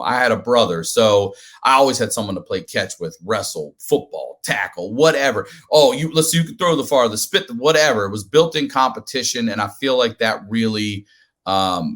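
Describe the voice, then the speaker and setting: A man telling a comedic story as a podcast guest, animated and profane, acting out the people in it. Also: lowish voice. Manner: animated, profane, acts out quoted voices.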